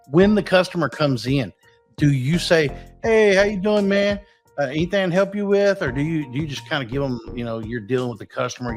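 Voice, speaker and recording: A man, a business coach giving blunt, profane advice in a rambling, casual talk. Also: medium pitch.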